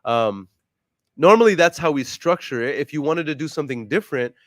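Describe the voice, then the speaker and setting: Upbeat man, slightly higher voice. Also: expressive, brisk, dry recording, clean studio sound. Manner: upbeat, polite, jokey. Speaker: real estate investor and vlog host. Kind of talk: casual phone call and chat.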